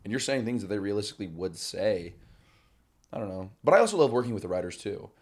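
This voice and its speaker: A man in his twenties, an actor guest on a podcast, chatting casually and telling animated stories. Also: lowish voice, quick pace, husky. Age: 20s. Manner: animated storyteller, reenacting improv scenes.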